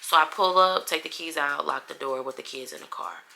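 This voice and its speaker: A young adult woman vlogger telling a heated story in a casual, animated, profane way. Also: low voice, brisk, vocal fry. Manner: animated, profane, acts out everyone's lines.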